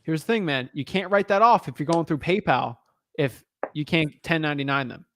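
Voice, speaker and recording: A man's voice: fairly high pitch, a little fast, fairly bright tone, a little hiss or hum. A man coaching a newcomer on a call, blunt and frank, calling him man and dude. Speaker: real estate wholesaling coach.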